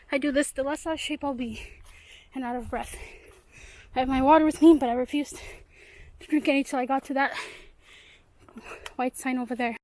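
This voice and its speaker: A woman's voice: high voice, darkish tone, slight background noise. A young woman vlogging while hiking alone in the woods, chatty and a bit nervous, out of breath. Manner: chatty, talks to viewers, nervous self-talk. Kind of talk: casual vlog narration while hiking. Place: outdoors in woods.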